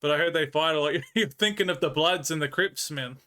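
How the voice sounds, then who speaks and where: A man's voice: on the high side, fairly quick, sharp tone. A man with an Australian accent chatting with viewers on a live stream, telling rambling stories and laughing often. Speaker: livestreamer. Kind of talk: casual chat with viewers.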